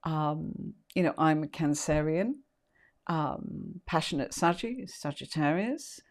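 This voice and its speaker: A woman's voice: low-pitched, animated, slow. A woman teaching tarot on a casual live stream, chatty and rambling, full of fillers and asides.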